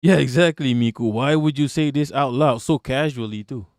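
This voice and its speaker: A man's voice: mid-range voice, normal speed, a little mellow, no room sound, studio quality. Profane sarcastic man on a live stream. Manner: profane, sarcastic, talks to chat. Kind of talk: casual live-stream commentary.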